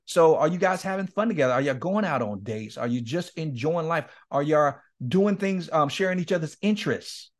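A man's voice: a little high, animated, normal speed, hardly any pauses. A middle-aged man, a guest speaker, telling candid stories in an interview, laughing often and acting out quoted dialogue. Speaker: guest speaker and men's ministry leader. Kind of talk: candid storytelling in a podcast interview.

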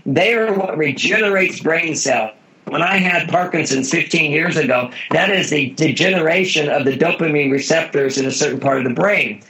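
On a dull, lo-fi recording, a guest author being interviewed speaks at normal speed in a fairly high voice that sounds pushed and bright. He explains earnestly and in a teaching manner, restating his key points.

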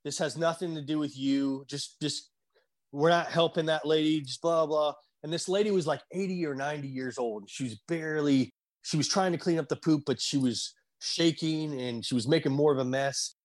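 A man with a slightly higher voice tells a personal story in a relaxed conversation. He speaks earnestly, with halting restarts, and he gets choked up at times. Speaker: guest.

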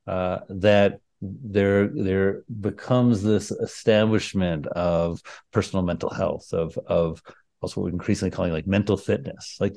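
A man's voice: deep voice, a little mellow, no room sound. A man, a psychiatrist guest on a podcast, speaking in an earnest, reflective way about mental fitness. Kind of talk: podcast conversation.

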